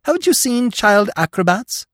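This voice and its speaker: A man's voice: high-pitched, sing-song, moderate pace, fairly bright tone, no echo, studio quality, pitched above the performer's own voice. A man voicing a brash, teasing young actress who talks in a chatty, slangy way, read as an audiobook character.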